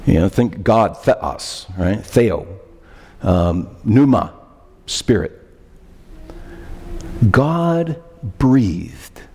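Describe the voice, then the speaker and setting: A man's voice: sits low, slow, slightly rough. A man preaching a sermon as pastor, emphatic and questioning, repeating key phrases. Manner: animated, questioning, emphatic repetitions. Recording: long hall reverb.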